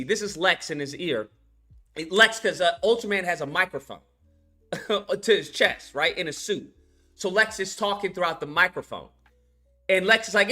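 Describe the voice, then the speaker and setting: A man's voice: high-pitched, moderate pace, faint music behind. A man casually recapping a film scene by scene, swearing a lot and acting out the characters as he goes. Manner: profane, animated, retells scenes by acting them out. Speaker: film reviewer.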